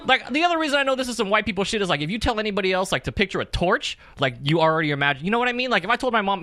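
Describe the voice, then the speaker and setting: Lively, profane young stand-up comic. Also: male voice, sits high, very fast, hardly any pauses, no echo, clean studio sound. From California. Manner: energetic, profane, keeps asking the crowd "right?". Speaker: stand-up comedian. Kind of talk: stand-up comedy at an open mic.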